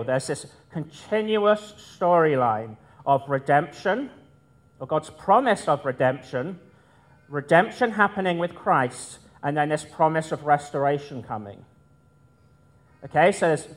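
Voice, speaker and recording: A man preaching a sermon, explaining scripture in a conversational teaching manner with casual asides. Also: a little high.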